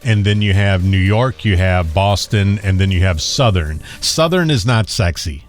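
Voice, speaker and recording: A man's voice: low-pitched, animated, normal speed. A man co-hosting a casual talk show, speaking briefly and dryly. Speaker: co-host. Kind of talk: casual radio chat.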